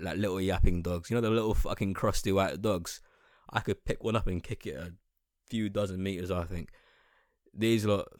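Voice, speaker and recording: A man's voice: low voice, no room sound, studio quality. A young man hosting a podcast, ranting in a profane, sarcastic and scornful way. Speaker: podcast host. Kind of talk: casual podcast rant.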